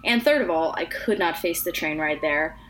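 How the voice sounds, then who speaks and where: A young woman co-hosting a casual podcast, talking earnestly and at length with lots of fillers. Her voice sits a little low for a woman. Faint background noise runs under the conversation. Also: normal speed, a bit bright. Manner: earnest, talkative, many fillers. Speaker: podcast co-host. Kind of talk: casual chat.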